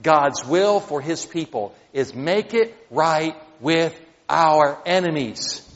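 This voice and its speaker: Animated preacher in a reverberant hall. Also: male voice, fairly high pitch, slow pace. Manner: animated, rising to near shouts at emotional peaks. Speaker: pastor. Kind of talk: sermon. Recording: dull audio in a hall with long reverb.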